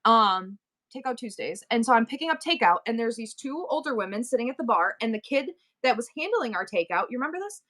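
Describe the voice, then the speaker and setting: Middle-aged woman, live-stream host, slightly high voice, chatty and rambling, animated storyteller. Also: fast talker. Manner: animated, rambling storyteller with many asides and restarts. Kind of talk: casual storytelling chat.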